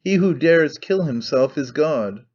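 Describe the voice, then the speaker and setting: A man voicing an intense, brooding young man obsessed with one idea, earnest and halting as he speaks. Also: on the high side, lively intonation, darkish tone, dull audio. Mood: fervent. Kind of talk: audiobook character reading.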